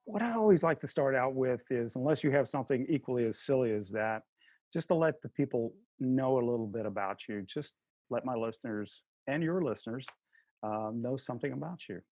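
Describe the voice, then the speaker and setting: A man's voice: medium pitch, lively intonation, fairly quick, darkish tone, no room sound, clean studio sound. A man hosting a casual interview over a video call, chatty and jokey, with plenty of filler words. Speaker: host.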